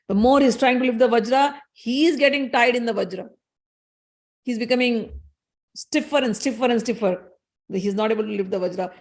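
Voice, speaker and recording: A woman's voice: mid-range voice, a little mellow. A woman casually retelling a sacred story, conversational with restarts.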